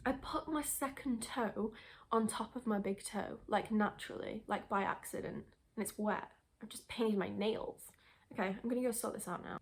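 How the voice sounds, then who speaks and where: A woman's voice: on the high side, creaky. A young woman vlogger chatting casually to camera, rambling with restarts and a bit out of breath. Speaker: lifestyle vlogger. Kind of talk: casual sit-down chat to camera.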